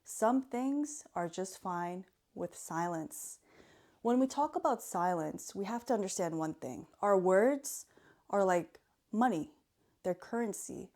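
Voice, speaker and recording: A young woman, a student of mental health, giving earnest self-help advice to camera in a calm, measured way. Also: medium pitch.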